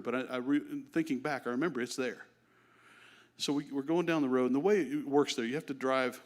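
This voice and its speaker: Middle-aged man telling a sermon story. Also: mid-range voice. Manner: storytelling, animated, self-deprecating. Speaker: guest speaker. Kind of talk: sermon testimony. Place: church.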